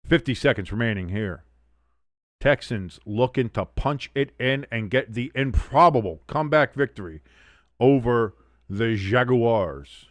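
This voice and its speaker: A man hosting a sports watch-along stream, giving excitable play-by-play with blunt, profane reactions. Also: medium pitch, a little slow, dry recording. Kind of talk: casual live sports commentary.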